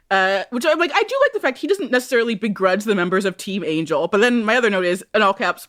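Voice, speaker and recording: A woman's voice: a little high, big pitch swings, moderate pace, fairly bright tone. A woman co-hosting a casual rewatch podcast, giving wry, sarcastic commentary and stretching out words for emphasis. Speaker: podcast co-host.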